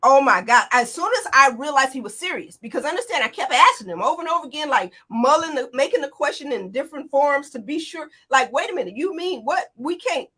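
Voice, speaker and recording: A woman in her forties, a guest in an interview, retelling a frightening escape in an animated, tumbling way, full of quoted dialogue. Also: high-pitched, fast, hardly any pauses. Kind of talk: emotional personal account.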